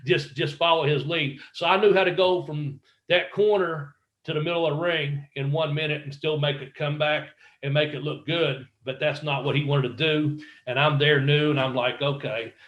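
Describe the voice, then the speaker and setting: A former wrestler telling stories in a casual interview, swearing freely and acting out what other people said. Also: male voice, fairly high pitch, moderate pace, hardly any pauses, dull audio. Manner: profane, animated storyteller acting out quotes. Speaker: guest, former pro wrestler.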